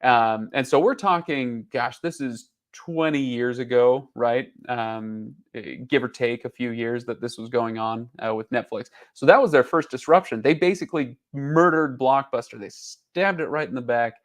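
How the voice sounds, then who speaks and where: A man's voice: medium pitch, normal speed, few pauses. Male host in his thirties, casual rambling delivery, full of fillers. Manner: rambling with many fillers and restarts. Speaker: channel host. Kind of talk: casual chat. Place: on the road.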